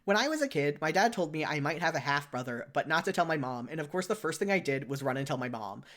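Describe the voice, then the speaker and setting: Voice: medium pitch, expressive, fast talker, a bit bright. A podcast co-host in casual chat, rambling with lots of "like" and frequent self-corrections.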